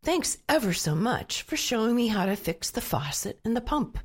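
A woman's voice: fairly high pitch, sing-song, moderate pace, slightly rough. A woman voicing a nine-year-old farm boy who grumbles and yelps in complaint. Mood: eager.

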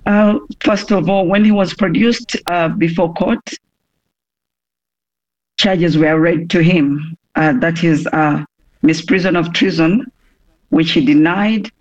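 A woman giving a phone interview, hoarse from a cough, speaking haltingly with many pauses and restarts. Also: on the low side, steady tone, highs cut off. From Uganda.

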